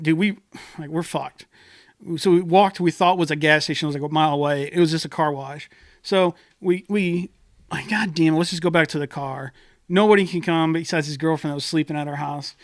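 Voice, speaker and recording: A man's voice: fairly high pitch, normal speed, no echo, clean studio sound. A young man on a podcast, telling a wild story in casual talk, swearing and acting out the people he quotes. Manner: animated, swearing, acts out quoted voices. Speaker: podcast co-host. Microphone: studio podcast mic.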